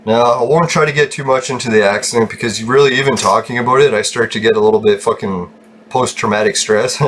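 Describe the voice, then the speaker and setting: A man's voice: mid-range voice, steady tone, fast, fairly bright tone, slight background noise. A young man, chatting casually while gaming, rambling, swearing freely and laughing often. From Canada. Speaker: gaming channel host.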